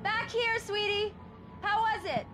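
An actress playing an affectionate young wife in a video game. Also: female voice, very high voice, steady tone, measured pace, music in the background, low-quality recording. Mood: fond.

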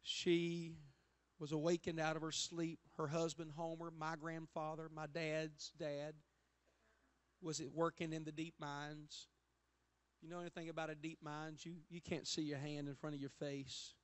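High-voiced preacher man. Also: little pitch movement, unhurried, clean tone. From Appalachia. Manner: storytelling preacher, builds to loud emphatic calls. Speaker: pastor. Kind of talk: sermon. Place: church sanctuary.

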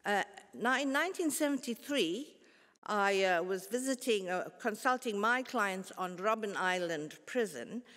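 A woman, giving a formal public lecture in a measured, earnest way with pauses and restarts. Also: mid-range voice, animated, fairly bright tone. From South Africa. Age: 70s. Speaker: guest lecturer. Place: large concert hall. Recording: long hall reverb.

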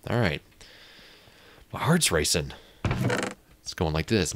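Deep-voiced with big pitch swings, this young Indiana gaming YouTuber talks very slowly with long pauses over background noise. His gameplay commentary is casual, rambling, and he's easily startled.

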